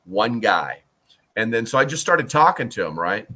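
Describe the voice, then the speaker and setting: A lowish-voiced man chatting casually on a livestream, rambling and jokey. He stumbles through fillers and restarts as he reads out the chat. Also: big pitch swings, normal speed, sharp tone. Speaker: prepper livestream host.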